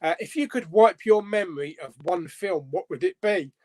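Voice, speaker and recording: A high-pitched man hosts a relaxed live stream. He chats loosely and drops a casual swear now and then. He keeps a bantering tone with his guest. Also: moderate pace. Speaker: host.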